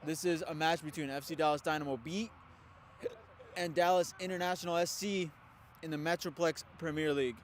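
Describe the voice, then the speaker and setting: Brief: high-voiced male play-by-play caller for amateur football, hiccuping, faint outdoor noise behind. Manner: quick, excited calls that drop to a quiet aside. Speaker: play-by-play commentator. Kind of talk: live amateur football commentary.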